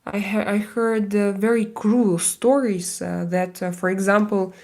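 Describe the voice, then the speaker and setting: Woman chatting on her livestream, slow and rambly, lots of uhs. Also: mid-range voice, fairly even intonation, a little mellow. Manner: chatty, many fillers and restarts, switches into mock-Spanish bits. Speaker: livestream host. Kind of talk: casual livestream chat with viewers. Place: home, doing makeup on stream.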